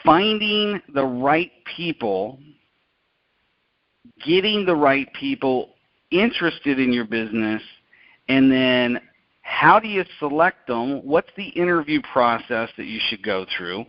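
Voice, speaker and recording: A middle-aged man hosting a business group call, speaking slowly and deliberately and carefully repeating details. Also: mid-range voice, lively intonation, dry recording, dull audio. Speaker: business consultant and podcast host. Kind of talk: live group call presentation.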